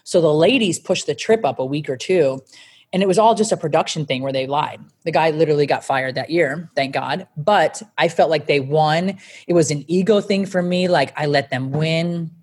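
A woman's voice: deep voice, normal speed, darkish tone, slightly rough. Blunt, swearing woman telling her story. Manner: blunt and emphatic, swears freely. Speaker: guest. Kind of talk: candid interview storytelling.

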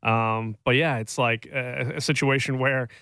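A man's voice: medium pitch, fairly even intonation, a little slow, sharp tone, no room sound. A man hosting a sports radio show, chatting casually with many fillers and asides. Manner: rambling, filler-heavy, jokey.

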